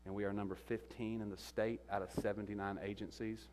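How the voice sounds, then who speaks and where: A lower-pitched man gives a sermon testimony in a church. He stumbles and repeats words as he tells his story. His voice carries a long reverb through the sanctuary. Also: little pitch movement, a little fast, a little mellow, a little hiss or hum. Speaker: guest speaker.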